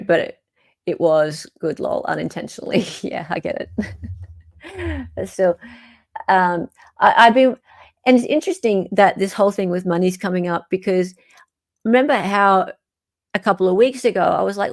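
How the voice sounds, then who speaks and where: A woman's voice: medium pitch, animated, moderate pace. An Australian woman hosting a casual livestream, chatting, reading court documents aloud and reacting to viewer comments. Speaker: host.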